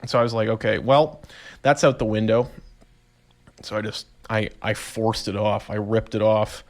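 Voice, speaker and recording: A young man, casually rambling through a solo podcast story, animated and self-amused. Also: lowish voice, moderate pace. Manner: rambling, animated storytelling with laughs and voiced reactions. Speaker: podcast host.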